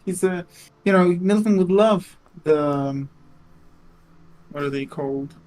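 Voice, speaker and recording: A man bantering casually over a text game, halting and repeating himself as he talks. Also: sits high, darkish tone, faint music behind, poor audio. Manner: halting, repeats words, laughs easily. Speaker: co-host playing a text game.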